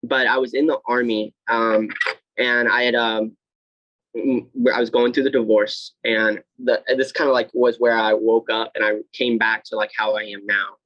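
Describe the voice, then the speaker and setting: A man's voice: mid-range voice, level tone, normal speed, dry recording, muffled recording. A young man in his twenties, a podcast guest, telling his own story with candor, blunt and swearing freely, with many fillers and restarts. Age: 20s. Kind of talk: candid personal storytelling.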